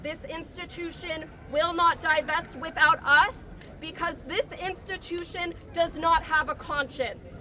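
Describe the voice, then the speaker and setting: Bright-voiced woman giving an impassioned outdoor speech. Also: very high-pitched, steady tone, a little slow, hardly any pauses, a faint crowd. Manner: emotional, rousing, stumbles on words. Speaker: rally speaker. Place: outdoor campus green. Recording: outdoor street noise, faint.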